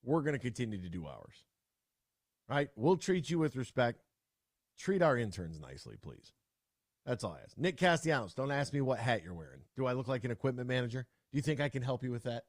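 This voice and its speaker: A young adult man hosting sports talk radio, talking casually and ranting with sudden loud outbursts. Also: medium pitch, very animated, fairly quick, dry recording, clean studio sound.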